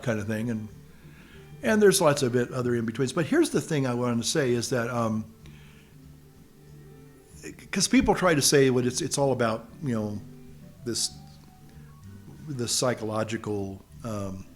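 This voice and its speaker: A man's voice: mid-range voice, animated, a little slow, pauses often, faint music behind. A man hosting his own channel, talking through a film in a casual, rambling monologue that often halts and restarts while he hunts for words. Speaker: channel host.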